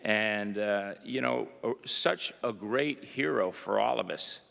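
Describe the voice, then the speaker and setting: A man's voice: on the low side, slow, vocal fry, a bit bright. A middle-aged man, a government undersecretary, giving a folksy public speech full of anecdotes, with lots of "you know" and "uh". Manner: folksy, chatty storytelling with frequent "you know" and "uh". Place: university event hall. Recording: long reverb of an event hall.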